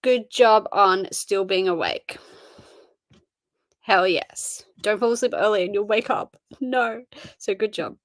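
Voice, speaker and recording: A woman's voice: mid-range voice, slow, no echo. Chatty tired young woman, dry sound. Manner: chatty, reads out and answers chat messages. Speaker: livestream host. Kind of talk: casual live-stream chat.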